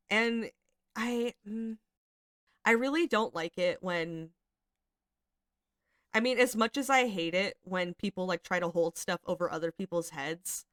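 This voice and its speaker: A woman's voice: on the low side, fairly bright tone, smooth, no room sound, clean studio sound. A woman hosting casual commentary, reading out screenshots and reacting, chatty and swearing freely with many fillers. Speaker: commentary channel host.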